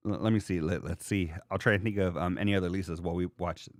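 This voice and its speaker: A man hosting a podcast in casual chat, rambling and joking in an animated way. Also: low-pitched, fast, no room sound, studio quality. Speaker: podcast host.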